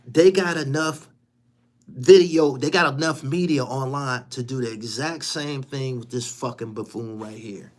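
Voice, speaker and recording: Ranting on his podcast, a man swears freely, ridicules his target and hammers lines by repeating them. He alternates between loud, high-pitched outbursts and quiet, muttered asides.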